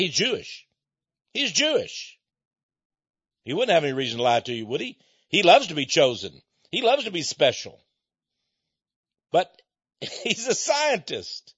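An American man delivering an emphatic lecturing monologue, repeating points and dropping between loud stresses and low asides. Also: husky, dry recording. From United States. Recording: dull lo-fi, dry recording.

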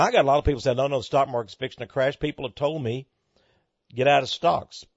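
A man with a fairly high, animated voice, preaching his take on the day's headlines. He leans hard into rhetorical questions and swings between loud and hushed. The recording is dry and dull, with a lo-fi sound. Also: slightly rough, dry recording. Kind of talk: preaching commentary on economic news.

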